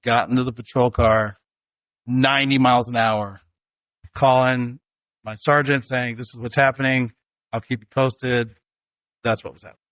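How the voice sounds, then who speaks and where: A man's voice: medium pitch, fairly even intonation, moderate pace, long pauses, fairly bright tone, dry recording, dull audio. A middle-aged man hosting a casual family podcast, telling stories and laughing easily. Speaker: host, father.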